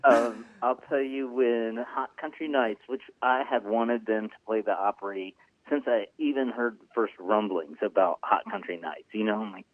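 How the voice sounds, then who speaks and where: Lowish-voiced guy on a tinny phone line, earnest and rambly, lots of ums. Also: moderate pace, no echo. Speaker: executive producer guest. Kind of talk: casual interview talk.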